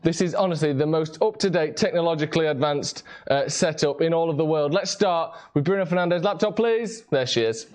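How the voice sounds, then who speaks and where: A young man hosting a jokey late-night show, full of sarcastic, deadpan asides. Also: a little high, fairly quick, few pauses. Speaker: host. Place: small home studio.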